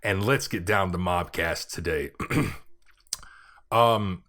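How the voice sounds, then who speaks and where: A man's voice: low-pitched, slow, a bit bright. A man hosting a casual solo podcast, talking in a joking, rambling way and swearing now and then. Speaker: podcast host.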